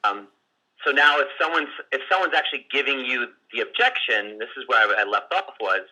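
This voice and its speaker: A man teaching sales on a group call, his voice strongly bright and sharp with a husky edge. He talks loosely, restarting sentences and leaning on fillers as he works through his points. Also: mid-range voice, animated, fairly quick, low-quality recording. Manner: conversational, many restarts and fillers; acts out client and seller lines in quotes. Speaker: sales coach.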